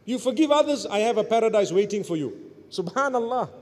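A male preacher with a high voice delivers a religious sermon. He builds to loud, urgent peaks and then falls to quiet, low murmurs. His voice trails off into a long hall reverb. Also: lively intonation, fairly quick. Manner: rises to near-shouts, then drops to soft low murmurs. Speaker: Islamic preacher.

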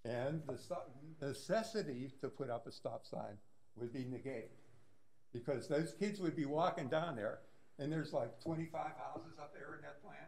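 A man speaking as a resident at a public meeting, insistent and halting, with many fillers. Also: fairly high pitch, gravelly, a little mellow. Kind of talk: heated public comment.

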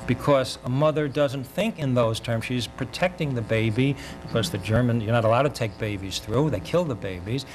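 An older man giving an academic lecture in a measured, reflective way, often pausing mid-thought. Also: medium pitch, a little mellow, soft background music, rough recording. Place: university lecture.

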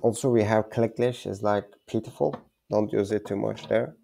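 Low slow guy w/ a gravelly voice, keeps repeating words n fixing himself. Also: steady tone, dark tone. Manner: halting, repeats words, self-correcting. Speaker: language learner teaching German basics. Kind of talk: informal self-taught lesson.

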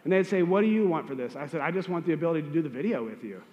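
A man's voice: a little high, animated, very fast, big-room sound, highs cut off. A man who is a real estate agent, giving direct coaching advice to newer agents and asking rhetorical questions. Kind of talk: motivational advice talk.

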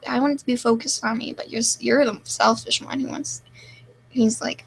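A young woman streaming live, reading chat comments aloud and answering in a deadpan, self-mocking way. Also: fairly high pitch, normal speed, vocal fry, breathy edge, poor audio.

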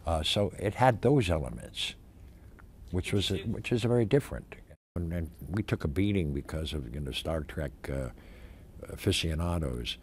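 In a low voice at normal speed, an older actor talks about his career in an interview. He's animated and emphatic, with frequent stammers and restarts.

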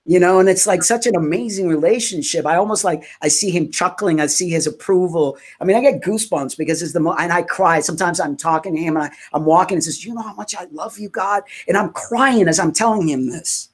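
A woman's voice: lowish voice, fast, hardly any pauses, husky. A woman hosts a casual conversation about faith. She speaks with fervent emotion and fills her sentences with little fillers. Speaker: host.

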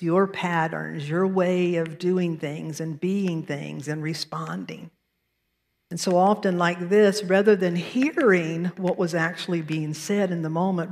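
A woman minister with a Southern American accent and a lowish voice delivers a sermon in a church sanctuary, where a long reverb tail follows her words. She mixes storytelling with self-deprecating asides.

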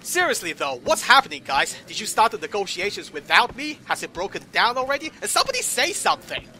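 A man's voice: sits high, big pitch swings, fairly quick, bright, forceful tone. A man giving comedic gameplay commentary in a sarcastic, profane, exasperated manner. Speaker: commentator voicing the player character.

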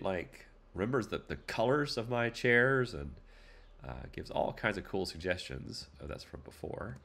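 A man's voice: sits low, a bit bright. A man hosting a casual tutorial, talking loosely and playfully with plenty of fillers and asides. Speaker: tutorial host. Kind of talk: casual screen-recorded tutorial.

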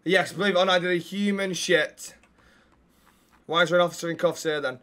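A man streaming a police role-play game, loud and cheeky, swearing freely and reading out chat shout-outs. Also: high-pitched, steady tone, fairly quick. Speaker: streamer playing a police officer.

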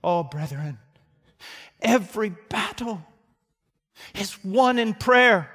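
Impassioned preacher, hushed to shouting. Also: male voice, sits high, expressive, slow. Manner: storytelling, swings from hushed to shouting. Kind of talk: sermon. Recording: reverberant hall.

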